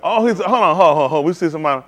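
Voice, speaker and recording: A man's voice: a little high, animated, very fast, a bit bright. A man hosting a playful trivia game with a room of people, teasing and calling on them by name. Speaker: host leading a group trivia game. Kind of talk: lively group banter.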